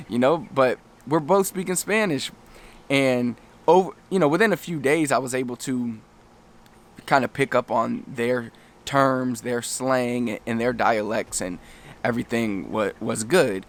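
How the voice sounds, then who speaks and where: A man's voice: mid-range voice, moderate pace. A man talking casually to camera as a language coach, loose and rambling, often restarting his sentences and acting out little quoted exchanges. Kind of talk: casual talking-head lesson.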